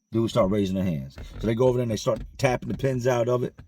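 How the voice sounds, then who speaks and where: A man's voice: mid-range voice, fast talker, a little mellow. A man casually telling a story in slangy street vernacular, with frequent conversational asides to the listener.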